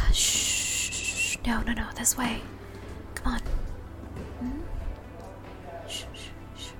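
Woman playing a young elf hacker girlfriend, swearing, teasing, audio role-play, slightly high voice, faint music. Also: lively intonation, measured pace. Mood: hushed, stealthy. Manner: swearing, teasing banter with laughs. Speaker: voice actor.

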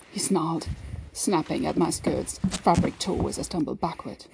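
A woman narrating an erotic story in a slow, breathy way, often sinking into hushed whispers. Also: low voice, poor audio. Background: background music.

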